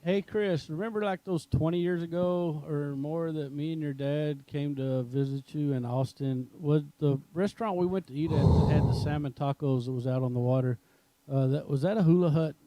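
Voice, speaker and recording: Very dark-voiced joking man. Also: a little high, moderate pace, dry recording, rough recording. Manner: crude joking, rambling. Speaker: podcast co-host. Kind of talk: casual chat.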